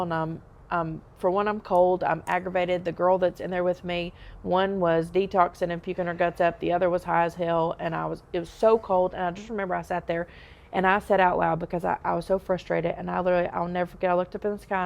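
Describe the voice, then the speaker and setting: A woman's voice: fairly low pitch, vocal fry, muffled recording. A woman, a podcast guest, candidly telling her own life story in a conversational way, often saying um and like. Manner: conversational, frequent "um" and "like".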